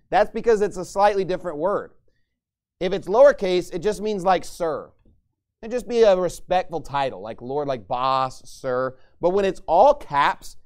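Smooth-voiced man preaching a Bible lesson. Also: on the high side, a little mellow. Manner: conversational Bible teaching, dramatizes scripture quotes with rising voice. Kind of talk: sermon.

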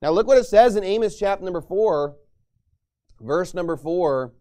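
A male pastor preaching a sermon, emphatic and forceful, with mocking asides and scripture read aloud. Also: high-pitched, expressive, moderate pace.

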